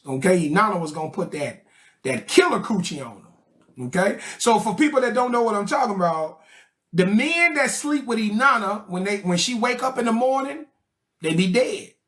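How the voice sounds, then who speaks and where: A man's voice: high-pitched, a bit bright. A man teaching a study group in a casual, joking way, full of slang and checks like "okay?" and "right?". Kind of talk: casual explanatory lecture.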